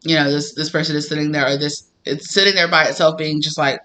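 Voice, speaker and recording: A man giving a casual tarot reading to camera, animated and emphatic, often breaking into laughter. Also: a little high, fast talker. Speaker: tarot reader.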